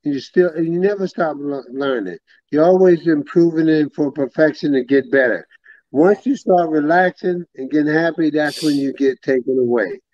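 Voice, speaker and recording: A middle-aged man from New York, a host and former champion, giving slow, repetitive advice in casual talk. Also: on the high side, a little mellow, no room sound. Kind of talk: casual podcast interview. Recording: dull, dry lo-fi sound.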